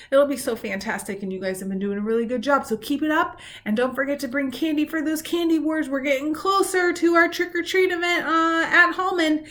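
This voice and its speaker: Woman, school staff, storybook read-aloud, animated, chatty with kids, bright tone, higher pitch. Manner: animated, chatty asides to children. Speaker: school staff member reading to students.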